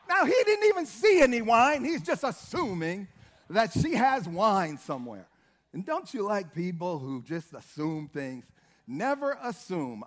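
High-voiced emphatic male preacher. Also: fairly bright tone. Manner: emphatic, repetitive, exclamations of hallelujah. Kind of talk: sermon.

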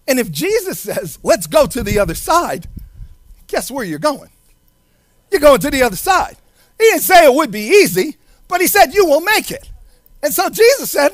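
A man's voice: very high-pitched, big pitch swings, moderate pace, pauses often, dry recording. A man preaching a sermon in a sing-song cadence, acting out the voices in the story he tells.

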